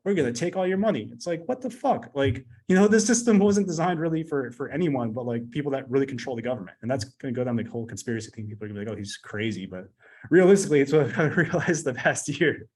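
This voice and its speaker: A man's voice: mid-range voice, a little mellow. A man in his thirties, a podcast guest talking bluntly and profanely, rambling with lots of fillers. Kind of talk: casual podcast interview.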